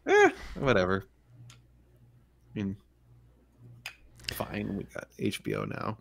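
A man's voice: low-pitched, sing-song, slow pace, creaky. A man hosting a casual livestream chat, talking in a laid-back, rambling way and laughing often. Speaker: podcast host.

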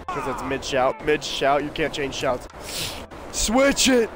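A man's voice: medium pitch, little pitch movement, moderate pace, background noise. A man doing casual gameplay commentary, joking, swearing and talking to his audience as he plays. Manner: crude, joking, swears often. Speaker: gaming streamer.

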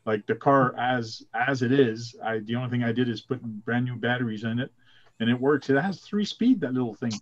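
A man's voice: mid-range voice, a little fast. Easygoing male host, chatty storyteller, lo-fi muffled sound. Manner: chatty storytelling with frequent "uh" fillers. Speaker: host of a live chat show. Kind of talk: casual chat.

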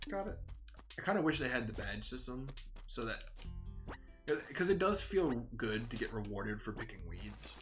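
A young man chatting loosely while he plays a game, drifting from thought to thought in a relaxed, sleepy way. His voice sits at an ordinary middle pitch. Soft game music plays faintly behind him. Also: moderate pace. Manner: rambling, relaxed, yawning, talks to himself while playing. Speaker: gaming video creator. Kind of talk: casual gameplay commentary. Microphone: desk microphone at home.

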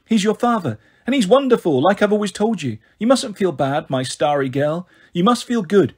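Male reader playing a gushing, brittle mum, high and husky. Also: big pitch swings, normal speed, darkish tone, full character voice. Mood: bright, forced. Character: warm flighty tattooed mother, bright and brittle.

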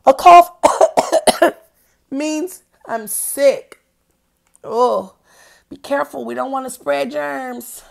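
A woman's voice: sits high, slow pace, gravelly. A woman reading a picture book aloud to young children in a playful way, asking them questions as she goes. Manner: playful, addresses young listeners directly with questions. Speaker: children's storyteller.

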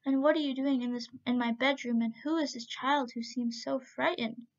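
Woman voicing a spoiled young rich man, excitable, loud outbursts, high, gravelly, dull lo-fi sound. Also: moderate pace. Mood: excited. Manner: exclaiming, laughing. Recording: dull lo-fi recording.

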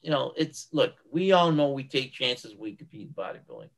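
An older man, a guest on a podcast, telling stories in a casual interview. He is animated and emphatic, and he often repeats himself for effect. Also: medium pitch, fairly quick, gravelly, low-quality recording. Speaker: guest, retired bodybuilder. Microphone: podcast microphone.

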